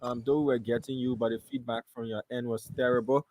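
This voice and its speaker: A man hosting a live call-in radio show, briskly prompting each caller with short cues. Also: mid-range voice, little pitch movement, heavy background noise. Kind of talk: taking calls on live radio.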